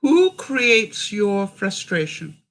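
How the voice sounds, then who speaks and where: Speaking slowly in a sing-song, mid-range voice, an older woman from Canada hosts a livestream as a vlogger. She goes through comments from viewers and guides her audience with questions.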